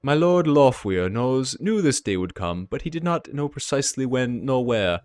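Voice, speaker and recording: A man voicing a slow, melodious German male envoy of a dragon, with a put-on German accent, savoring each word. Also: medium pitch, sing-song, a little mellow, dry recording, studio quality, close to an everyday voice. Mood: solemn.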